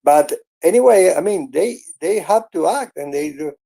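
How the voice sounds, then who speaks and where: A man speaks earnestly in halting stops and restarts. His voice sits a little high for a man, with a mellow, dark tone and a gravelly edge. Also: expressive. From Venezuela. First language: Spanish. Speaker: host. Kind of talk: casual chat in an online audio room.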